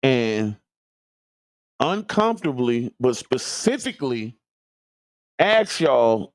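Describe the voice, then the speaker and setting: Slightly slow and clean-toned, this man's mid-range voice comes through a dry, clean studio recording. He hosts a community radio show from the Tampa Bay area, keeping the chat loose and jokey and talking directly to listeners.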